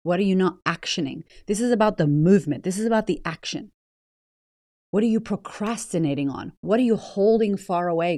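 A woman's voice: mid-range voice, fairly quick, a little mellow, dry recording, studio quality. A woman hosting a motivational podcast, blunt, swearing freely and firing rhetorical questions at the listener. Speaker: podcast host.

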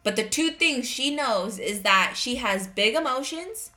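Bright-voiced earnest woman host. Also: fairly high pitch, expressive, a little slow. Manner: earnest, direct coaching tone. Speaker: parenting podcast host. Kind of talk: conversational monologue.

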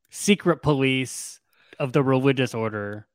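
A man hosting a casual podcast about a book, retelling it in an animated way and laughing often. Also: medium pitch, dry recording. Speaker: podcast host.

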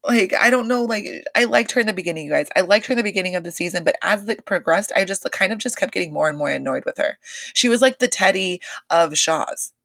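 Fast and creaky, at medium pitch, a podcast host runs through a reality show recap with plenty of swearing and gossip. She's animated, constantly saying "like" and "you guys," and her desk mic picks up no room sound.

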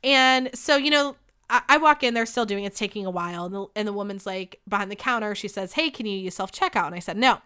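Young woman podcasting solo, chatty and swears a lot, bright clear voice. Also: mid-range voice, quick pace. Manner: chatty, candid and animated, with frequent swearing. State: sick. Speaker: podcast host. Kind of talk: casual solo podcast storytelling.

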